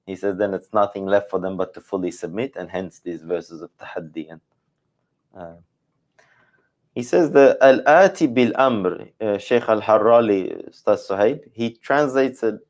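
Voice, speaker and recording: A man's voice: lowish voice, a little mellow. A man teaching the Quran in a scholarly discussion, thinking aloud, hedging and correcting himself as he goes.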